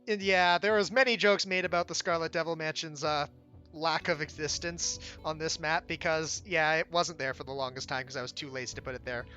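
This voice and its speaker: A young man giving casual gameplay commentary as the game's developer, relaxed and self-deprecating, often restarting his sentences. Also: fairly high pitch, brisk, dull audio. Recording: game music playing faintly behind.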